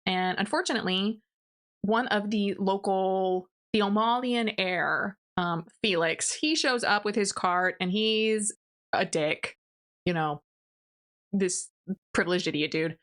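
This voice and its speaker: A young woman walks through a novel's plot in a ranting review. She sounds casual and exasperated and loads her talk with fillers and sarcastic asides. Her voice is bright and forceful. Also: medium pitch, measured pace. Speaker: book reviewer. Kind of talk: ranting book review recap.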